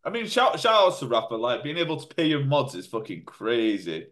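A man co-hosting a podcast, chatting in an excitable, rambling way. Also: mid-range voice, brisk. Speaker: podcast co-host. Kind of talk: casual chat.

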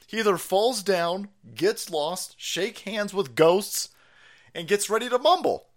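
Male stream host, crude jokey commentary, animated pitch, higher-side voice. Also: takes it slowly. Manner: crude, joking, laughs often between remarks. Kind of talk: profane livestream commentary.

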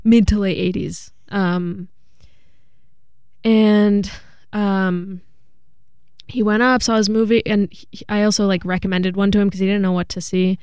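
A woman's voice: mid-range voice, unhurried, clean tone, no room sound. A young woman chats casually on a podcast. Her voice sits in a middle range and reaches a close microphone dry, with almost no room sound. She tells her story animatedly and acts out other people's lines. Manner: animated storytelling, acting out quotes. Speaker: podcast co-host. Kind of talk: casual chat.

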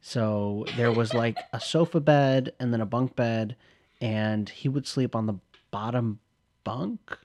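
A man's voice: medium pitch, slow pace, a little mellow. A man from the Midwest co-hosting a podcast, rambling casually with lots of fillers and laughs. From Midwest US, Milwaukee. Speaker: podcast co-host.

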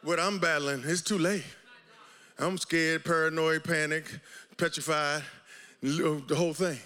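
A male pastor preaches with passion at an unhurried pace, alternating between shouted lines and hushed, low tones and repeating phrases rhythmically. His intonation stays fairly even.

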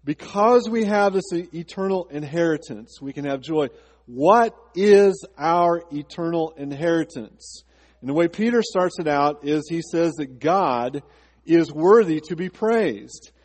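A man's voice: on the high side, expressive, measured pace, a little mellow, big-room sound. A man pastor preaching a sermon to his congregation, asking rhetorical questions and slipping into a chatty personal story. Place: church sanctuary.

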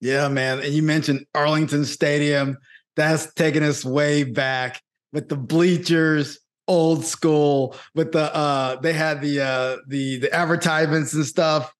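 A middle-aged man hosting a podcast, talking in an energetic, hyped-up way with friendly banter. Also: fairly high pitch, a little slow. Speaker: podcast host. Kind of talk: casual interview.

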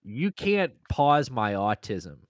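A man's voice: mid-range voice, very animated, slow pace, no room sound, studio quality. Laughing, rambling man on a podcast. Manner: rambling, profane, laughs often, yawning. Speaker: podcast co-host. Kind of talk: casual chat.

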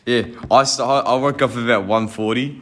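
A man's voice: medium pitch, fairly even intonation, fairly quick, a bit bright. A fifteen-year-old Australian boy co-hosting a casual podcast, rambling with restarts and laughing at his own stories. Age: teens. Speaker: podcast co-host. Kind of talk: casual chat.

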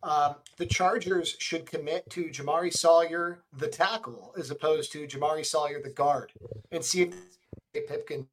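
A man's voice: a little high, moderate pace. A man, a guest on a sports podcast, chatting casually and quizzing the others.

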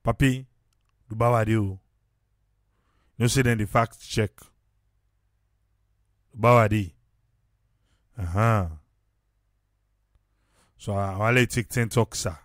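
A man with a Sierra Leonean Krio accent giving casual political commentary, animated and repeating phrases for emphasis. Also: lowish voice, a little slow, pauses often, dry recording, clean studio sound.

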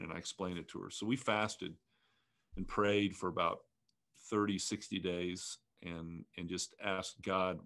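Low-voiced guy in his 50s, ministry leader, earnest halting testimony. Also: sharp tone. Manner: earnest, reflective, halting with restarts. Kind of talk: personal testimony in an interview.

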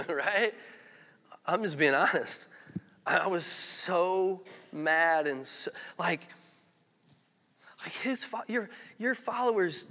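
A man's voice: high voice, slow, pushed and bright, big-room sound. A male pastor preaching a sermon in a candid, conversational storytelling way.

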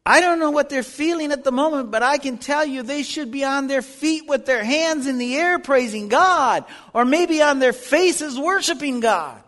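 A man's voice: extremely high pitch, animated, normal speed, hardly any pauses, a bit bright. A man teaching a Bible lesson in sermon style, earnest and building to fervent appeals. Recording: long reverb of a hall.

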